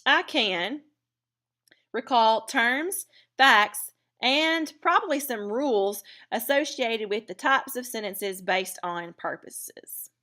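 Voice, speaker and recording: A woman teaching a recorded writing lesson, explaining clearly and deliberately with occasional fillers. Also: a little high, animated, pushed and bright.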